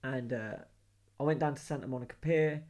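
A man's voice: medium pitch, a little fast. A young man with a London accent casually telling travel stories, acting out the dialogue and laughing often. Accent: London English. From London, England. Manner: animated storyteller, acts out quoted dialogue, laughs often. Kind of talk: casual storytelling chat.

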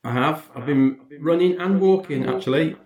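Man, guest comedian; easygoing, halting chat; roomy echo. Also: a little high, darkish tone. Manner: amiable, hesitant, lots of ums. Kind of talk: casual chat.

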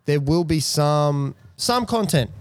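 A man's voice: a little high, lively intonation, takes it slowly, no room sound. A young man co-hosting a podcast, chatting casually with jokey banter. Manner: laid-back, jokey banter. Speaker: podcast co-host. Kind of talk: casual chat.

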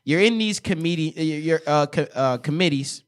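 A man's voice: fairly high pitch, normal speed. Encouraging podcast host man. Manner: affirming, encouraging, preacher-like cadence. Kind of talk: casual interview.

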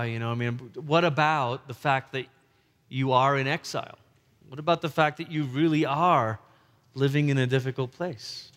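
A male pastor preaching a sermon in a conversational way, slipping into gentle acted-out quotes. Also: mid-range voice. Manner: conversational, acts out tender quoted lines. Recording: long reverb of a large hall.

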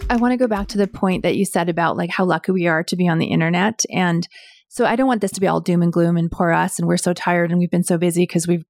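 A woman's voice: on the low side, fairly even intonation, fast, a little mellow. A woman co-hosting a casual business chat, speaking earnestly and repeating phrases for emphasis. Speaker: business co-founder and podcast co-host. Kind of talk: casual conversation.

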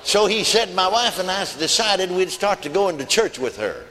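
A man's voice: high voice, big pitch swings, normal speed, background noise. Folksy preacher man in a reverberant hall. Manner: folksy storytelling, emphatic. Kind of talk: sermon.

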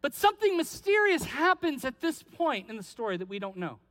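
Male pastor, animated storyteller, high bright voice, long hall reverb. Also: fairly quick. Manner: animated storytelling, acting out biblical characters. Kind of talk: sermon.

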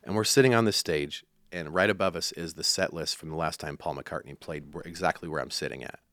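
A man's voice: a bass voice, a little fast, a bit bright, no echo. A young man from Iowa, a country musician, telling stories in a casual interview, rambling with fillers and restarts. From Iowa, USA.

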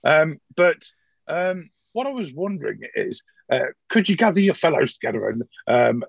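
A man's voice: a little high, big pitch swings, normal speed, creaky, breathy edge, no echo, muffled recording, voice pushed up, heavily acted. A man voicing a fussy, self-important male official who stammers and fusses. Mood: flustered.

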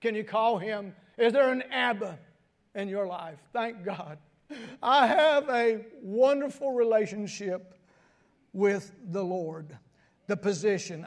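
An older man preaching a sermon, moving between quiet asides and sudden high, shouted emphasis.

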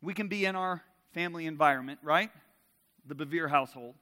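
A middle-aged man preaching a sermon, swinging from loud emphasis to soft intimacy and asking the audience direct questions. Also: on the high side, a little fast, long reverb tail.

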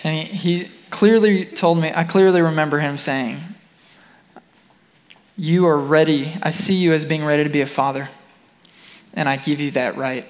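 A man's voice: a little high, fairly even intonation, normal speed, pauses often, long reverb tail. Earnest young man sharing a testimony. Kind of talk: personal testimony talk.

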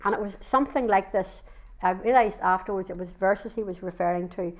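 A woman's voice: medium pitch, fairly quick. A middle-aged woman speaking at a women's conference, giving a fervent testimony sermon with frequent restarts.

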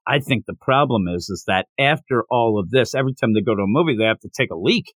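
A man co-hosting a manga podcast, chatting casually and acting out character lines in quick asides. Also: mid-range voice, animated, fairly bright tone, no echo. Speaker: podcast co-host. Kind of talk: casual chat.

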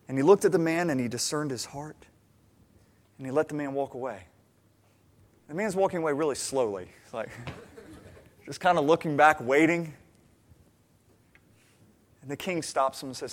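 A man preaching a sermon speaks a little slowly, with long pauses and a fairly high pitch. As a pastor, he tells lively stories and acts out the characters' lines.

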